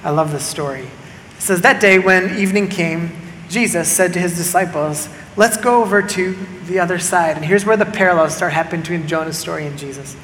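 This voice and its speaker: A young man preaches in a loose, conversational way, full of fillers and asides. His voice sits high and sounds sharp and bright. It rings out with a long hall echo and faint ambience behind it. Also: brisk, a little hiss or hum. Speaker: pastor. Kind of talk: sermon. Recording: echoey hall reverb.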